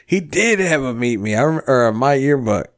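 A man's voice: medium pitch, animated, moderate pace. Profane rambling podcast host, a man. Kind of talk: casual podcast chat.

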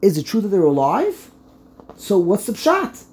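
A woman teaching a text study lesson, reading slowly, often restarting and then stressing points with emphasis. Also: mid-range voice, wildly swooping pitch, darkish tone.

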